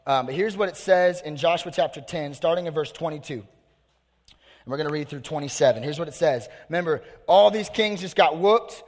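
A man delivers a youth sermon in a casual, slangy and energetic way. His voice sits a little high. The sound carries a long reverb from a large hall. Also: fairly quick. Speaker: youth pastor.

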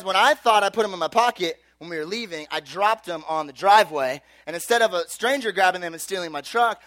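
High-voiced man telling an animated story. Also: dry recording, clean studio sound. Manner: animated, filler-heavy storytelling with acted-out quotes. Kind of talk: storytelling sermon.

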